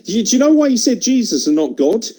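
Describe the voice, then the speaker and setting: A man's voice: very high-pitched, sing-song, fast, mellow, rough recording. A man hosting a podcast in casual, sweary chat, mocking and laughing often. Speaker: podcast host.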